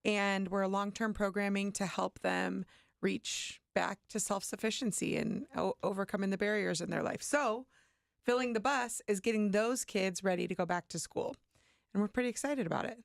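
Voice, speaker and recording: A woman with a slightly raspy voice, a guest on a morning radio show who chats cheerfully. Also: mid-range voice, moderate pace, dry recording, clean studio sound. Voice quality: a little raspy today. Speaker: guest from a crisis center. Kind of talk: casual radio chat.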